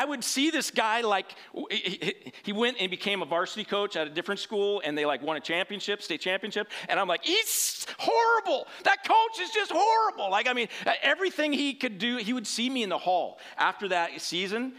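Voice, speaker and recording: A man's voice: high voice, pushed and bright. A man preaching through a rambling personal story in a conversational sermon style, often checking in with "right?".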